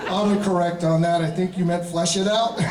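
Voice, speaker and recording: A man in his fifties, a guest actor telling a casual anecdote to a convention audience, animated and chuckling, often restarting his sentences. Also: sits high, heavy background noise. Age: 50s. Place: large convention hall panel. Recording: echoey hall audio from a distance.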